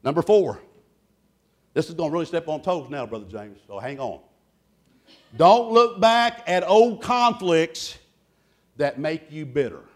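A man preaching a sermon, loud and boisterous, telling folksy stories between points. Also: on the high side, lively intonation, measured pace, long pauses. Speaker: pastor.

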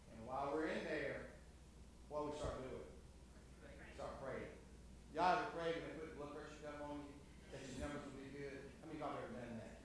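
Preacher in an echoey church. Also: male voice, fairly high pitch, slight background noise. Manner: folksy, joking with the congregation. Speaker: visiting preacher. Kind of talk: sermon with prayer. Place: church sanctuary. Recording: roomy church sound from a distant mic.

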